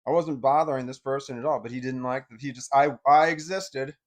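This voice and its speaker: A man's voice: mid-range voice, steady tone, fairly quick. A man telling a personal story in a casual, rambling way, full of fillers and repeating himself.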